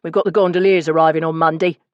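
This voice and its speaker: A man's voice: fairly high pitch, little pitch movement, fast, no echo, muffled recording, close to an everyday voice. A woman doing a brusque theatre man. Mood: brisk. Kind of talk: audiobook character reading.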